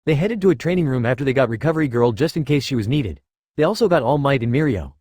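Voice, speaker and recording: A man's voice: mid-range voice, expressive, fast talker, darkish tone, no room sound, studio quality. Man speed-reading a story. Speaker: narrator. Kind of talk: fan fiction reading.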